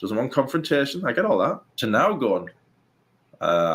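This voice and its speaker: A man giving casual, opinionated commentary, rambling with quick asides and restarts. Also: mid-range voice, very animated, a bit bright, slightly rough. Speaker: co-host.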